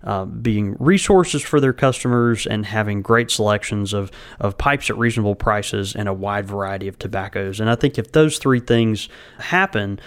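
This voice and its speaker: A man's voice: fairly low pitch, moderate pace, clear, resonant tone. A man co-hosting a podcast in casual chat, rambling and full of filler words. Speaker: podcast co-host.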